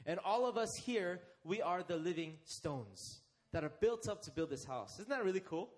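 Lively, high-pitched male preacher. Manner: interactive, asks the congregation questions and leads them; emphatic, slows down to stress key phrases. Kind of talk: sermon.

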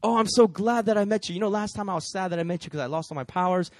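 A man voicing an excitable young man who rambles with lots of filler words. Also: high-pitched, racing, no echo, studio quality, voice pushed up. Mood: gushing.

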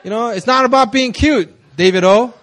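A young man preaching at a prayer meeting, telling stories in a loose, conversational way, often laughing and jumping up in excitement. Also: very high voice, moderate pace. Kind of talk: casual sermon with storytelling.

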